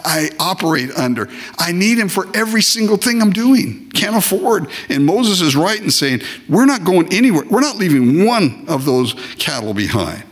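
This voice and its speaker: A man's voice: sits high, fairly bright tone. A man preaching a sermon, emphatic and repeating phrases, now and then acting out short comic voices. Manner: acts out short comic voices of worshippers and God. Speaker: pastor.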